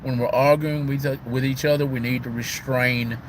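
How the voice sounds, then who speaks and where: A man's voice: mid-range voice, steady tone, normal speed, slight background noise. A heartbroken man on the verge of tears, talking casually on a live stream and repeating "man" and "y'all". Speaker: livestream host.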